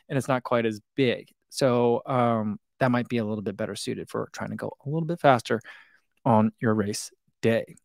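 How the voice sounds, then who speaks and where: A man chats loosely as a running channel host, rambling and poking fun at himself between fillers. His voice sits at an ordinary middle pitch. The sound is dry and close, with no room echo. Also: a little mellow. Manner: rambling, self-deprecating, many fillers. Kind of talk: casual chat reading live comments.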